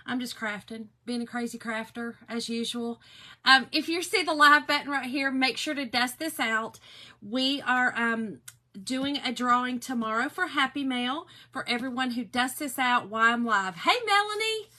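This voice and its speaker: A chatty, bubbly middle-aged woman with a Southern US drawl, hosting a live crafting stream and greeting viewers one by one. Her voice sits a little high and rings bright and forceful. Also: moderate pace. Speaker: craft livestream host. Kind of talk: casual live chat while crafting.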